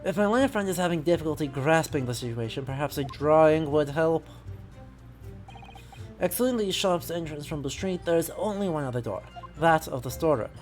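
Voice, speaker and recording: A woman voicing a cold, pompous male prosecutor who speaks in a haughty, measured way. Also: low-pitched, expressive, a little mellow, soft background music.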